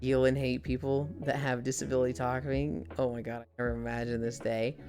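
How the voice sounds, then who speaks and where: Low-voiced nasal woman streamer, sarcastic. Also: flat delivery, fairly quick, darkish tone, soft background music. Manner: sarcastic and swearing, chatting to viewers. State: sick. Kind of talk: casual live-stream chat.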